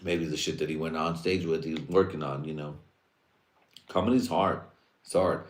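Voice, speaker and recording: A man's voice: a bass voice, fairly even intonation, normal speed. A man hosting a livestream, talking in a loose, rambling, profane and streetwise way. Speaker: livestream host. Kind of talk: casual rambling monologue. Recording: roomy echo.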